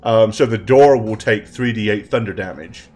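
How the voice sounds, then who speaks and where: A man's voice: lowish voice, normal speed, darkish tone, a little hiss or hum. A man running a tabletop game as game master, giving rulings with many hesitations. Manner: hesitant, filler-heavy rulings.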